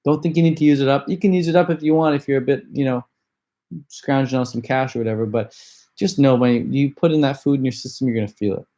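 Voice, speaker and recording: A man's voice: mid-range voice, fairly even intonation, quick pace, warm tone. A man hosting a casual livestream Q&A, talking in a laid-back, slangy, enthusiastic way. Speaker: livestream host.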